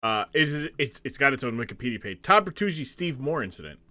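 A man's voice: mid-range voice, sing-song, fairly quick, sharp tone. A man co-hosting a wrestling podcast in casual chat, laughing often and rambling between points. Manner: laughing, rambling, reads facts aloud. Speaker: podcast co-host.

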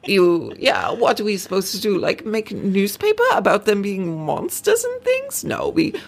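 A woman's voice: mid-range voice, big pitch swings, normal speed, pitched above the performer's own voice. A woman putting on a Norwegian accent to play an arch, patronizing police chief. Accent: put-on Norwegian. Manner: arch, patronizing, breaking into laughter.

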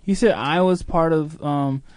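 A man's voice: a little high, measured pace, darkish tone, no room sound. A man, co-hosting a casual podcast with playful, mock-naive questions. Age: 40s. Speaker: podcast co-host. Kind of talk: casual comedic chat.

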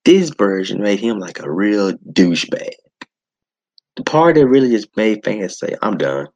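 Husky deep-voiced man ranting. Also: very animated, measured pace, a little mellow, muffled recording. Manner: exasperated, ranting, with sighs and restarts. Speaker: podcast host. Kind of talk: casual ranting commentary. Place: home setup.

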